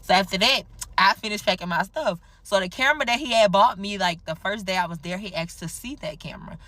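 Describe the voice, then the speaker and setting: An animated woman tells a story to her viewers in a casual, talkative way. Her voice is bright and clear, sitting in a mid range for a woman, and she swears often while she speaks. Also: medium pitch, fairly quick, no room sound. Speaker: storytime vlogger.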